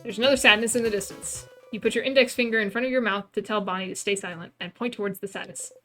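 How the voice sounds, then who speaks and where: A woman's voice: medium pitch, steady tone, fast, sharp tone, soft background music. A woman streamer reading and narrating a game, with casual, chatty commentary and laughing asides.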